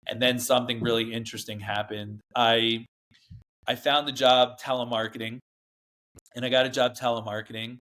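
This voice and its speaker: A man's voice: medium pitch, level tone, normal speed, fairly bright tone. A man, a guest in an interview, recounting his past in a rambling, emphatic way, often acting out what others said. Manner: rambling, emphatic, acts out quoted dialogue. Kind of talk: candid storytelling interview.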